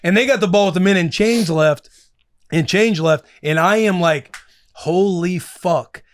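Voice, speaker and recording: A man co-hosting a podcast, talking excitedly about football in casual chat and swearing freely. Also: high voice, normal speed. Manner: excitable, swearing sports fan talk. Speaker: podcast co-host.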